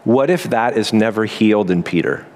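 A man preaching a sermon as pastor, earnest and emphatic, with quick asides and slow pauses. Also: lowish voice, a little mellow.

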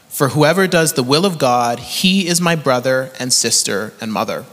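A man's voice: mid-range voice, animated, moderate pace, hardly any pauses, fairly bright tone. Canadian man preaching in a reverberant hall. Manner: earnest, storytelling, laughs often. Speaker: pastor. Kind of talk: sermon.

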